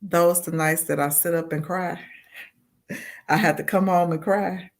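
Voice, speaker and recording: A woman's voice: fairly low pitch, fairly even intonation, a little slow. A woman being interviewed as a community advocate, speaking in a heartfelt, earnest way and often saying "you know.". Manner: heartfelt, repeats "you know", voices her own thoughts aloud.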